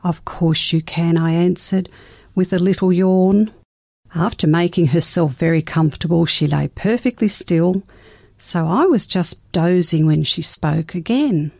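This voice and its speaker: A gentle older woman with a slightly low voice tells a family story slowly and tenderly. Her reading is measured and warm in intent, recorded dry and close to the mic. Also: gravelly, dry recording. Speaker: guest storyteller.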